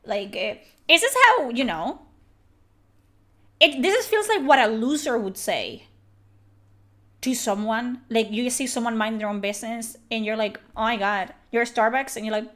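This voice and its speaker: A woman's voice: fairly high pitch, expressive, moderate pace, long pauses. A young woman streaming a game and ranting about it, exasperated and swearing freely. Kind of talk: game reaction commentary.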